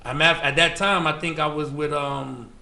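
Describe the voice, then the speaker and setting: In a casual storytelling interview, a guest from the Bronx talks with a New York accent, using slang and many fillers. His voice is on the high side with vocal fry, even intonation, and normal speed, and a crowd is audible in the echoey room along with faint ambient noise.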